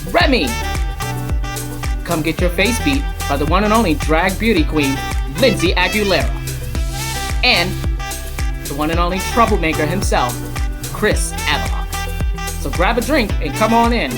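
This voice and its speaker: Low-voiced woman announcing a show. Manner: showy, announcer-style delivery. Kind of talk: scripted intro voice-over.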